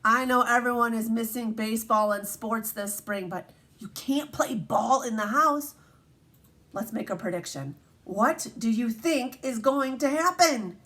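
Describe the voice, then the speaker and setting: Unhurried and a little high in pitch, a woman teacher brings a picture book to life for children, pausing to ask them questions as she reads.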